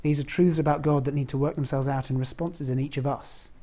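A preacher delivers a sermon in a relaxed, conversational way. The voice sits at a middling pitch with a mellow, warm tone. Now and then the preacher asks the listeners direct questions. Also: brisk.

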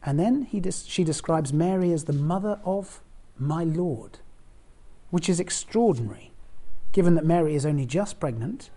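A preacher delivers a sermon in a relaxed, conversational way. The voice sits at a middling pitch with a mellow, warm tone. Now and then the preacher asks the listeners direct questions. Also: normal speed.

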